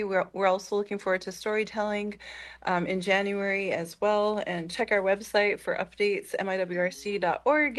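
A woman guest on a radio show, giving community event updates in a halting way with many fillers. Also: mid-range voice. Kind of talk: casual radio announcement.

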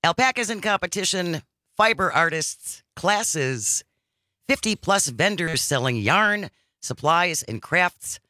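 A man's voice: sits high, takes it slowly, no room sound, clean studio sound. A man co-hosting a casual radio talk show, reading out news items and chatting with his co-host. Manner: animated, reads news items aloud.

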